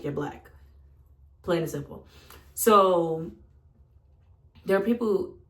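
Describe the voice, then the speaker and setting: A young woman from the South, talking bluntly and with lots of swearing in a candid casual monologue. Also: deep voice. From Southern United States. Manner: blunt, profane, animated. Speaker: vlogger. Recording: echoey room.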